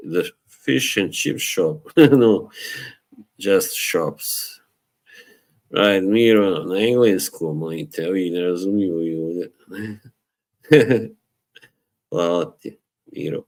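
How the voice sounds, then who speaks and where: A man's voice: low voice, slow, pauses often. A man hosting a casual live stream, chatting loosely with viewers, laughing often and slipping into Bosnian phrases. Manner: relaxed, rambling, laughs often, mixes in Bosnian. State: tired from little sleep.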